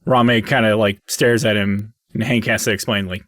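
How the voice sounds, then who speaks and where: A man's voice: fairly low pitch, fairly even intonation, moderate pace, a bit bright, dry recording, studio quality. Loose, rambling man running a tabletop game. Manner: rambling, loose, many fillers and restarts, laughs often. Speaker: game master. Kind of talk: narrating and voicing characters in a tabletop game.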